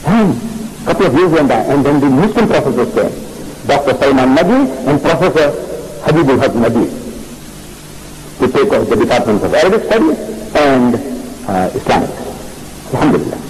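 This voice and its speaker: A man's voice: medium pitch, very animated, brisk, pauses often, noisy background. A man giving a public lecture, emphatic, repeating key phrases and telling stories with quoted dialogue. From South Africa. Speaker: Islamic lecturer. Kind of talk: public lecture with audience questions.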